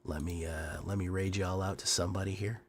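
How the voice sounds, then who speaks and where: A sick man with a hoarse, deep and raspy voice, chatting casually as a game streamer with many fillers and quiet trailing asides. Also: fairly even intonation, fairly quick, a little hiss or hum. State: hoarse from illness.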